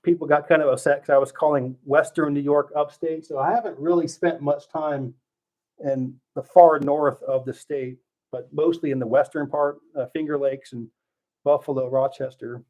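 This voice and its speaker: A man's voice: on the high side, fairly even intonation, normal speed. A middle-aged man answering viewer questions on a casual livestream, thinking aloud with fillers and restarts. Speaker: livestream host. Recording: slightly dull lo-fi stream audio.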